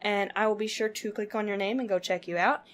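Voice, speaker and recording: A woman's voice: mid-range voice, steady tone, a little fast. A woman vlogging to her viewers, telling a story casually with lots of filler words and frequent laughter. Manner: chatty, laughs often, full of "like" fillers.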